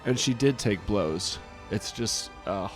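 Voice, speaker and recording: A man in his thirties hosting a casual reaction video, talking haltingly with frequent restarts and laughs between thoughts. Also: on the low side, over music. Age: 30s.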